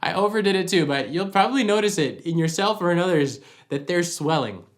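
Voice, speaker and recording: Man coaching singers, slightly high voice. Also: expressive, fairly quick. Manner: practical, explains by demonstrating. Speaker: vocal coach. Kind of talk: singing lesson to camera. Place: at home with a dog nearby.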